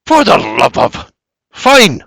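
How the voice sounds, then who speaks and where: A man's voice: mid-range voice, wildly swooping pitch, takes it slowly, gravelly, a bit bright, no echo, exaggerated voice. Man doing a grumbling, stingy old whiskey maker. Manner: grumbling, exasperated.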